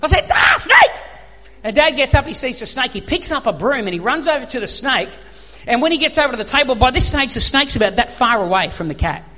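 Male pastor, high pitched, lively storyteller preaching in a reverberant hall. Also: fast. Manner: animated storyteller, acts out voices and screams. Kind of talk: sermon with storytelling.

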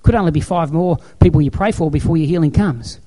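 Mellow-voiced male preacher, emphatic storyteller. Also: fairly high pitch, quick pace. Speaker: pastor. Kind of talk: sermon.

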